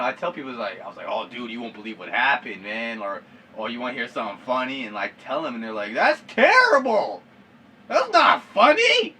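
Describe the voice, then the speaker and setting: A young man vlogging spins a casual, slangy tale for viewers, cursing and laughing at his own story. His voice is fairly high, pushed, and bright, a bit far from the microphone, with slight noise behind it.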